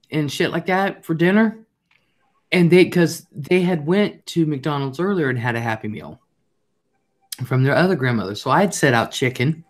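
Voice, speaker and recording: An older woman hosting a live chat show, telling rambling, profane stories in a blunt way and reading out viewer comments. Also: rumbling low.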